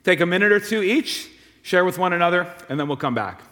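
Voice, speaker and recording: A man's voice: high voice, animated, fairly quick, pushed and bright. A man preaching a sermon as a pastor in a church, in a friendly, conversational manner with personal stories. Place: church sanctuary. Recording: long reverb of a church hall.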